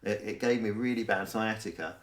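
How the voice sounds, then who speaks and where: A man's voice: on the low side, brisk. Dry teasing man, echoey room. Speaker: podcast co-host. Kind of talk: casual chat.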